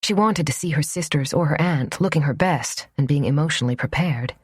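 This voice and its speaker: Low, husky woman reading a romance. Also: a little fast, dry recording, clean studio sound. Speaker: audiobook narrator. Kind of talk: scripted romance narration.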